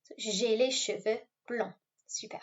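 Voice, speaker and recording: A woman teacher talks pupils through a recorded French lesson, pausing to model words slowly and clearly. Her voice sits a little high. The recording is somewhat dull and lo-fi. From Wales. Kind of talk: recorded classroom video lesson.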